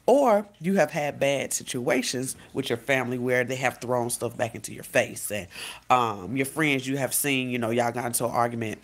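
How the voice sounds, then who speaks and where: A woman life coach giving casual advice in a vlog, talking directly to her viewers in a relaxed, conversational way. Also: extremely low pitch. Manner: conversational, speaks straight to viewers, acts out quotes.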